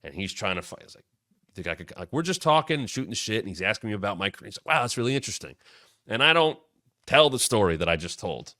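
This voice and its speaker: Forceful, animated storyteller man in his thirties. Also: on the low side, fast, dry recording, clean studio sound. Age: 30s. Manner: animated, acts out quoted lines with sudden loud jumps; rambling, with frequent restarts and asides. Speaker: show host. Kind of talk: casual storytelling.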